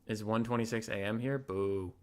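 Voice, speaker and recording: A man's voice: fairly low pitch, moderate pace. A man hosting a game tournament on a late-night home stream, tired but chatty, swearing casually. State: sleepy. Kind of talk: casual live-stream chat. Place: home at his desk at night.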